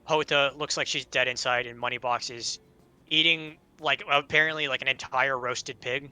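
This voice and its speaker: A man narrating as game master of an online tabletop game, relaxed and hesitant with fillers. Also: mid-range voice, moderate pace, clear, resonant tone, rough recording.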